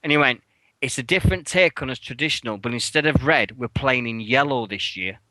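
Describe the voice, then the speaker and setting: A man co-hosting a radio show, telling an animated story with swearing and sudden jumps in pitch when he acts out his outrage. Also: fairly quick, no room sound, rough recording. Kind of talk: casual storytelling chat. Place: radio studio.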